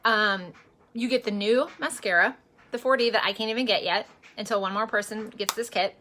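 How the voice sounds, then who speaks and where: Bright, chatty woman vlogger. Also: mid-range voice, moderate pace. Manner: chatty and rambling, with many fillers; earnest and emotional about faith. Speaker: makeup vlogger and direct seller. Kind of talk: casual chatty makeup vlog.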